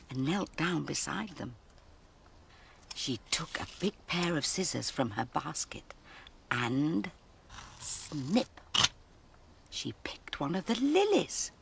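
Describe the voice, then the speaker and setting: A woman presenting a children's programme, telling a story to young children in a gentle, sing-song way. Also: low voice, creaky, noisy background.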